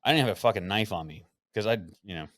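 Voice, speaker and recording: A man hosting a podcast who tells a story in a casual, animated way, acting out the quotes and swearing freely. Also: on the low side, quick pace, no echo, clean studio sound. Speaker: podcast host.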